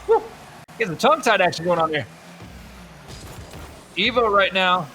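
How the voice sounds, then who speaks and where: A young man giving energetic, jokey play-by-play commentary on a video game tournament. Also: high-pitched, soft background music. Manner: energetic, jokey, quick exclamations. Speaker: esports commentator.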